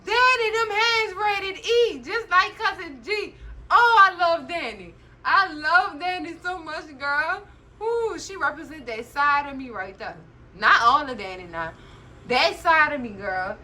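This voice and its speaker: Host read: woman, high register, bright tone, gossipy recap chatter, laughs a lot. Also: a little slow, poor audio. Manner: chatty, animated, constantly says "girl"; laughs often while talking. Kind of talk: casual TV recap commentary.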